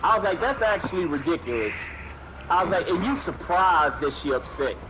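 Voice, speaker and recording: Young man, lively pitch, teasing banter, game noise behind. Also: moderate pace. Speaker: gamer. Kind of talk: casual chat while playing a game.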